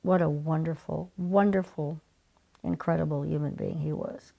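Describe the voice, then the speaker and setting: A woman in her seventies, a casting director telling lively stories in an interview, with breathy whispered asides. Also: low voice, moderate pace, lo-fi sound. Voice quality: gravelly. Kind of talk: anecdotal interview storytelling.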